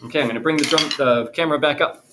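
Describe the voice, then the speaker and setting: Guy teaching a drum lesson, kinda high voice, patient and clear, echoey classroom. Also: very fast, very noisy. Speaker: music teacher. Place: classroom with a chalkboard.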